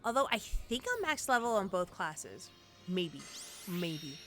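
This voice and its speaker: Woman game streamer, lively and bright, gasps and exclaims, soft game music under. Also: fairly low pitch, a little slow. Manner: animated, chatty, exclaims and gasps often. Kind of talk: casual gameplay commentary.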